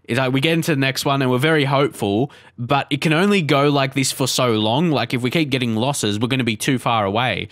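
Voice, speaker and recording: A man's voice: medium pitch, fairly quick, few pauses, fairly bright tone. A young man hosts a live let's play of a football management game, narrating every choice in a casual, rambling way. He moves between hopeful chatter and frustrated outbursts, swearing when things go wrong. His mid-range voice sounds dry and close, with no room echo. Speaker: gaming channel host.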